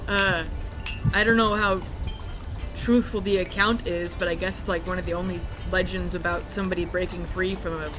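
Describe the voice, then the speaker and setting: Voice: mid-range voice, flat delivery, moderate pace, close to an everyday voice. A game master voicing Dennis, a bookish young male companion in a tabletop game, musing in a casual way, with music behind.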